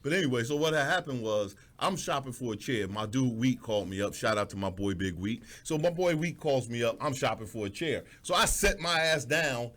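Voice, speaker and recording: A man hosting a radio show, telling a funny story in a loose, profane, animated way. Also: mid-range voice, a little fast, few pauses. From Columbus, Ohio. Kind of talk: casual storytelling chat.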